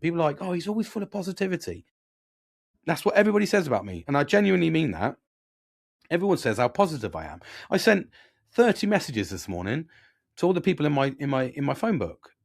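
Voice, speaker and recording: A man's voice: a little high, gravelly, darkish tone, dry recording, studio quality. A British man in his forties, hosting a podcast as a reflective monologue. He talks earnestly, swears freely and rambles with many restarts. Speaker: podcast host.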